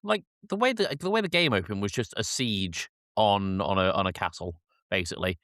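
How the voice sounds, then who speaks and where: Lower-voiced guy joking through a movie recap, dry close mic. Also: animated, moderate pace, fairly bright tone, no room sound. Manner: chatty, joking, retells scenes with restarts. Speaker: podcast co-host. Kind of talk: casual film review chat.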